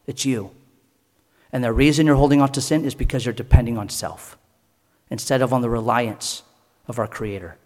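A man's voice: mid-range voice, darkish tone, long reverb tail. A man preaching in a sermon, telling personal stories earnestly in short, broken phrases. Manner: earnest storytelling, pausing between short phrases. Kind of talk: sermon testimony.

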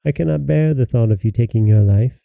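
A man voicing a kind young princess in a storybook reading, speaking softly and pleadingly. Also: mid-range voice, fairly quick, creaky, no echo, natural voice.

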